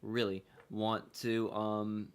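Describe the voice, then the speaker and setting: A man's voice: lowish voice, level tone, slow pace, a little hiss or hum. A man giving casual, rambling commentary as he plays a video game, repeating himself and swearing now and then. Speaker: gaming streamer.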